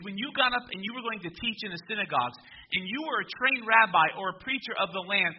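High-voiced pastor preaching a lively sermon. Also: male voice, highs cut off, a little hiss or hum. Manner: conversational, builds to loud emphatic peaks.

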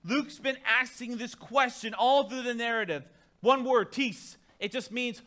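A man preaching a sermon in a high, bright voice. He is emphatic and speaks directly to the congregation, moving between hushed, conversational asides and loud declarations. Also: measured pace. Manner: conversational, talks straight to the congregation. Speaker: pastor.

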